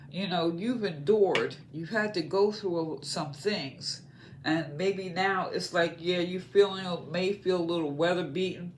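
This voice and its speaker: A tarot reader talking through a card spread at an unhurried, slow pace. The voice muses aloud in short, loose phrases and often stops to check in with listeners. A faint noise sits behind it. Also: mid-range voice. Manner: musing, checks in with listeners by asking "okay?"; talks in short loose phrases with many fillers. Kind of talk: casual spoken tarot reading.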